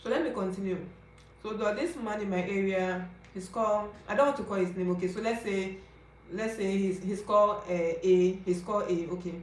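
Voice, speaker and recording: A Ghanaian-accented woman in her twenties vlogs her personal story to camera, chatty and confiding, checking in with viewers. Her medium-pitched voice is steady and at normal speed, with slight background noise, a roomy echo and faint ambience.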